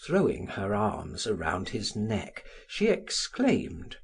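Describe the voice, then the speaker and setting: An audiobook narrator reading a classic novel aloud in a slow, expressive way. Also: breathy edge. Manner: slow, expressive reading with wide pitch swings.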